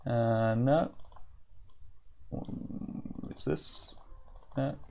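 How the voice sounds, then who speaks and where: Game streamer, man, gravelly, casual musing play-by-play. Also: medium pitch, fairly even intonation, drawn-out words, warm tone, a little hiss or hum. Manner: thinks aloud, reads game text, many fillers. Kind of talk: live-stream gameplay commentary.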